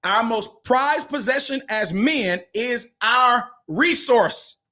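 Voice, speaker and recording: A man's voice: very high-pitched, expressive, takes it slowly, sharp tone. A man, hosting a podcast and giving relationship advice in an emphatic, preacher-like way, repeating phrases and calling out to his listeners.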